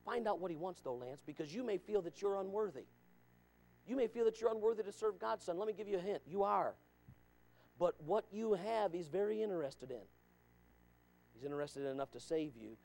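Man, pastor, high voice, emphatic sermon, repeats his points, calls on people by name. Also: expressive, a little fast, creaky, a little mellow.

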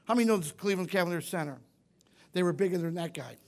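A man's voice: high-pitched, fast talker, a little mellow. A man preaching a sermon in church, emphatic and repetitive, often questioning the congregation. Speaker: pastor.

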